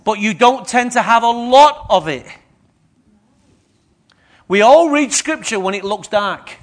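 A man delivers a sermon in a high, lifted voice. He keeps checking in with the congregation, throwing questions at them as he preaches. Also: lively intonation, unhurried.

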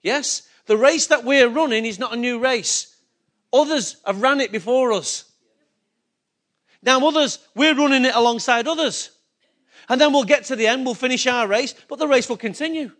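A pastor with an unusually high male voice delivers a sermon at normal speed, repeatedly questioning his congregation. He hammers his key points, occasionally climbing almost to a shout.

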